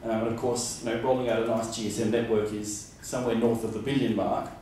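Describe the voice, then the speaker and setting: An Australian man gives a rambling conference presentation, full of fillers and restarts. His mid-range voice is fast, level, and dark, picked up from far off in a roomy hall with slight background noise.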